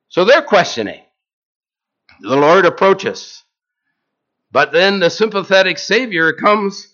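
A man's voice: on the high side, a bit bright, highs cut off. A man preaching a sermon in a conversational way, asking the congregation questions.

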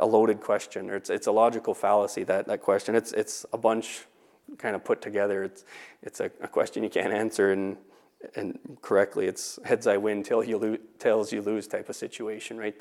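Low flat-voiced man, chatty teacher. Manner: conversational, frequent "right?" and restarts. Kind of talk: casual talk on faith.

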